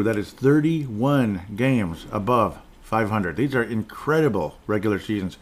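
A middle-aged man hosting a casual solo sports talk podcast, rambling and digressive with jokes, often clearing his throat. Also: fairly low pitch, animated, normal speed, few pauses, slight background noise. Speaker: podcast host.

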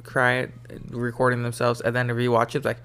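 A man's voice: mid-range voice, monotone, normal speed, bright, forceful tone, clean tone. A young man co-hosting a casual podcast, rambling and groping for words, with mild cursing. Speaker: podcast co-host. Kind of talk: casual crude chat.

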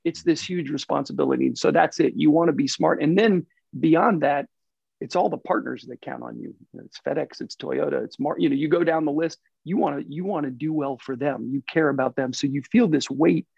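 Husky man guest, earnest and reflective, a bit high for a guy, dull lo-fi sound. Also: a little fast, darkish tone, no echo. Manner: earnest, reflective, repeats himself. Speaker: racing team president, guest. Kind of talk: casual interview talk. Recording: dull lo-fi recording.

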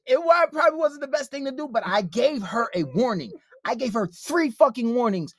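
A man's voice: very high-pitched, expressive, brisk, hardly any pauses, fairly bright tone, no room sound, clean studio sound. A man telling a profane story in a casual podcast chat, acting out the quotes. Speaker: podcast host.

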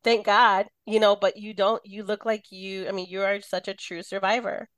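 A woman's voice: medium pitch, little pitch movement, normal speed, clean tone, dry recording. A woman hosting a podcast who chats casually, heaping praise on her guests with lots of fillers. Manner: warm, effusive, rambling praise with many fillers. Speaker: podcast host. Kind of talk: casual interview chat.

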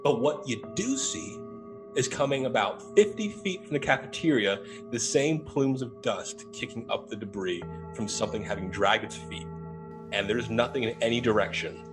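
A man's voice: medium pitch, moderate pace, music in the background. A young adult man telling a ghost story casually, acting out the dialogue with laughs. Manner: animated, acts out quoted dialogue with laughs. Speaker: paranormal investigator telling his story.

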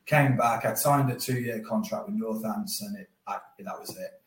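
A man's voice: on the low side, normal speed. A man, a guest telling stories in casual chat with frequent laughs. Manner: animated storytelling with frequent laughs. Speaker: guest, former professional cricketer. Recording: roomy echo.

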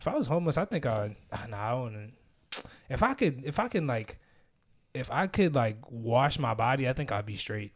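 Young man, podcast host, casual slang-heavy chat, laughs a lot, mid-pitched voice. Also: lively intonation, normal speed. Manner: loose slang-heavy storytelling, laughs often.

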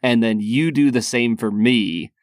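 A man co-hosting a podcast, talking in a teasing, deliberate way with bursts of laughter. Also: mid-range voice, dry recording, clean studio sound. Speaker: podcast co-host. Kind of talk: casual chat.

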